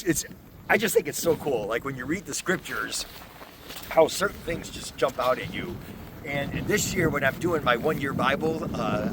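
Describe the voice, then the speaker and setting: Man, outdoor pastor, earnest devotional talk, middle pitch, audible street noise. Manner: earnest, repeats phrases for emphasis.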